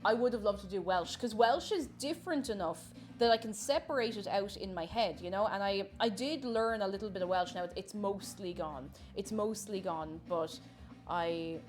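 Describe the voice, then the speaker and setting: A woman with an Irish accent chatting casually with viewers while she cooks on a live stream. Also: mid-range voice. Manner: chatty, reads chat aloud and answers viewers.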